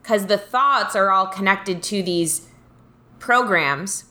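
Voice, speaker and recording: A woman's voice: medium pitch, slow, pushed and bright. A young woman co-hosting a casual talk show, telling stories animatedly with lots of fillers and the odd swear word. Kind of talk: casual conversation.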